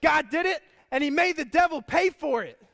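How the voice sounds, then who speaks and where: A man voicing an overjoyed devout woman who shouts her exclamations of faith. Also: sits high, moderate pace, vocal fry, long reverb tail, pitched above the performer's own voice. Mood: ecstatic.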